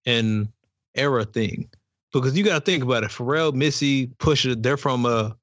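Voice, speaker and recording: A man's voice: medium pitch, normal speed, fairly bright tone, dry recording, highs cut off. A young man co-hosting a podcast, eagerly interrupting and pushing his points in casual chat. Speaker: podcast co-host.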